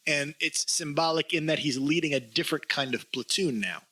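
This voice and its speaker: A man's voice: fairly high pitch, a little fast, pushed and bright. A man co-hosting a podcast, chatting casually about movies and laughing often. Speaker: podcast co-host. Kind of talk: casual film discussion.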